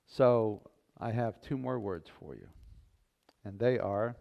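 Slow-speaking male pastor preaching. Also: on the low side, gravelly, dull audio. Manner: folksy, playful, unhurried preaching. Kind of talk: sermon and closing prayer. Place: church sanctuary.

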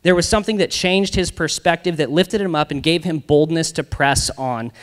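A young man preaches to a youth group in a relaxed, chatty way, dropping slangy asides as he goes. His voice sits a little high for a man. The sound carries the long reverb of a church hall. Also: moderate pace. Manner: casual and conversational, slangy asides. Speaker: youth pastor.

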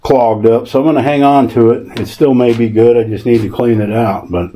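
Warm in tone and medium in pitch, this Southern man speaks a little fast with fairly even intonation. He's a vlogger casually narrating in an easygoing, folksy way while working outdoors on his rural property, and he talks to his animals too.

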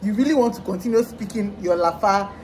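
Brief: young woman, lively vlog chat, faint noise behind. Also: medium pitch, fast talker. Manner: animated, exclaiming, mock-exasperated. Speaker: vlogger. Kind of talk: casual chat.

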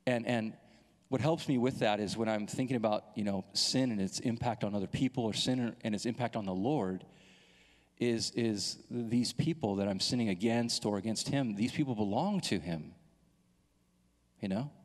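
The sermon features a male pastor in his thirties telling an animated personal story and acting out the dialogue's voices. He speaks at a normal speed in a fairly low pitch, and the church hall adds long reverb.

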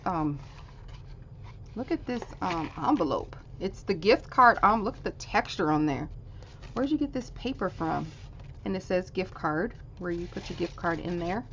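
Gushing woman showing off craft goodies. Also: medium pitch. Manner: gushing, exclaims and swoops up in delight. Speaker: crafting channel host unboxing a card swap. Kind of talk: casual show-and-tell. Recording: dull lo-fi sound with faint hiss.

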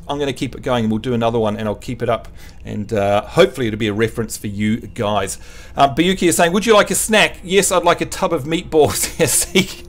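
Male streamer, slightly higher voice, chatty and teasing, casual tutorial host. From New Zealand. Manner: chatty, jokey, teasing the chat. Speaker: livestream host. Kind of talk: casual livestream chat and game tutorial.

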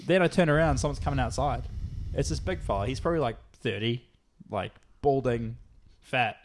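A young man co-hosting a podcast, telling a story in casual, swearing, animated chat. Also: mid-range voice, a little hiss or hum. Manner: rapid, animated, laughing. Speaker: podcast co-host.

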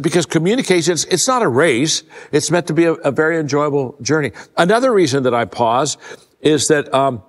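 An older man giving a conversational leadership talk to a live audience, a folksy storyteller who restarts his sentences often and drops his voice low to stress a point. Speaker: leadership speaker. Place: large event hall. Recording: long hall reverb.

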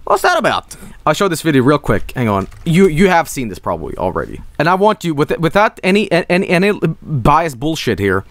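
A man streaming a video game, rambling and swearing in animated, casual commentary. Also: a little high, fairly quick, no room sound. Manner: rambling, profane, animated, jumps to silly voices.

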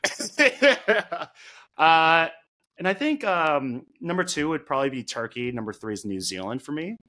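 A young man hosting a casual podcast chat, relaxed, with many fillers and laughs between thoughts. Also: fairly high pitch, measured pace. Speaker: podcast host.

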